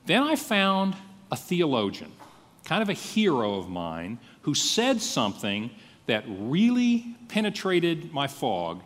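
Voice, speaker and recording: A male pastor preaching a sermon, telling his story in a lively, animated way and acting out his own thoughts. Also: fairly high pitch, takes it slowly, long reverb tail.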